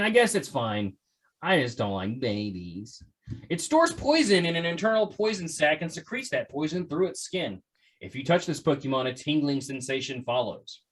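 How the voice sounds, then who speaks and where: Lively joking male podcast host. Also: fairly high pitch. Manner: joking, teasing, reads out facts. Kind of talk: casual chat.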